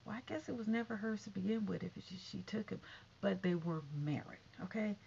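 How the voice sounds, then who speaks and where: A woman vlogger in casual commentary, sassy and quick to call people honey and baby. Her voice sits at a middle pitch. The recording is dull and lo-fi, with a faint hiss underneath. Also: gravelly, warm tone.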